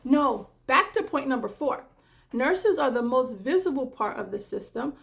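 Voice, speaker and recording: A woman's voice: high voice, lively intonation, moderate pace, creaky, fairly bright tone. A woman who works as a nurse, talking in a casual vlog, exasperated and emphatic.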